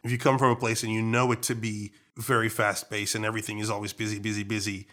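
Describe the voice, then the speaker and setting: A young man from Trinidad and Tobago, a guest in a casual interview, talking in a relaxed, jokey way with an accent that moves between American and Trinidadian. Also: fairly low pitch, fast talker. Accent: American, switching to Trinidadian partway.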